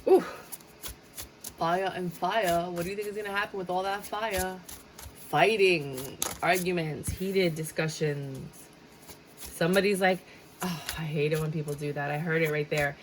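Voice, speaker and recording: A woman's voice: lowish voice, steady tone, moderate pace, slight background noise, poor audio. A woman giving a casual tarot reading, chatty and dramatic, sometimes slipping into a sing-song tone. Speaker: tarot reader.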